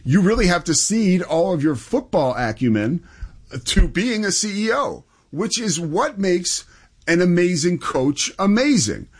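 A man's voice: high-pitched, big pitch swings, measured pace, breathy edge. A man co-hosting a casual sports talk show, telling interview stories in an enthusiastic, conversational way.

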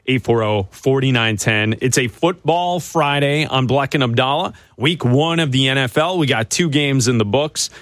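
A man hosts a sports radio show at a middle pitch. He talks with playful, teasing energy into a close studio mic, and the room sounds completely dry. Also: normal speed, few pauses, a bit bright, no echo.

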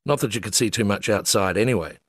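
A man's voice: fairly low pitch, fast talker, slightly rough, no room sound, clean studio sound. Wry Australian man reading a memoir. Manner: wry, self-mocking storyteller. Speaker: memoir narrator. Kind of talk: reading a humorous travel memoir.

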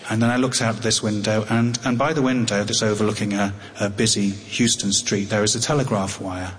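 Middle-aged english man, live storytelling, halting and wry, long hall reverb, faint background noise. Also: on the low side, steady tone. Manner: halting, wry, with many restarts. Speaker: storyteller on tour.

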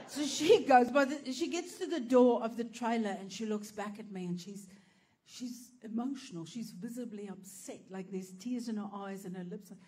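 A woman's voice: on the high side, moderate pace, mellow. A woman telling a brash, profane stand-up story and laughing through her punchlines. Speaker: comedian.

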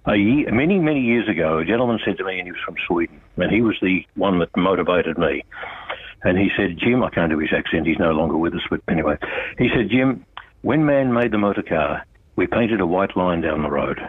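A man's voice: low voice, expressive, fairly quick, breathy edge, no echo. An older Australian man, a road safety campaigner calling into a radio show, talking bluntly and with passion. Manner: blunt, impassioned, addresses an official directly. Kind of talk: on-air phone interview. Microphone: telephone. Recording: tinny phone line.

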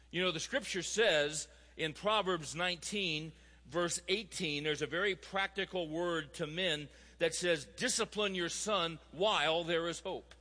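High, bright-voiced man preaching in a hall. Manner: emphatic, rising to fervent exhortation. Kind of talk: sermon.

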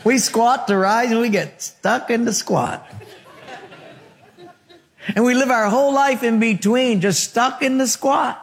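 A male pastor delivers a sermon in a rhythmic, rhetorical cadence. His voice sits high, and he weaves in humorous storytelling. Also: a little slow, long pauses, long reverb tail, some chatter behind.

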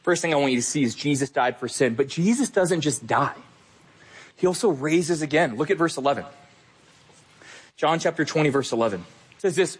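A man's voice: fairly high pitch, lively intonation, moderate pace, pauses often, breathy edge. A male pastor preaching a sermon, talking straight to the listener with earnest, emphatic repetition.

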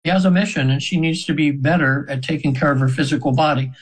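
A man's voice: a little high, fairly even intonation, fast, slightly rough, soft background music, poor audio. A man in his seventies, a radio show guest, telling a long personal story in a rambling way, with many restarts and fillers. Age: 70s. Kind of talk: casual storytelling interview.

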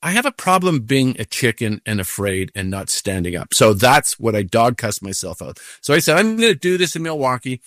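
An older man, a professional golfer as guest, telling a story casually in an animated way, acting out what he said to himself. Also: mid-range voice, fairly quick, hardly any pauses, no room sound, studio quality. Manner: animated storytelling with acted-out inner voices.

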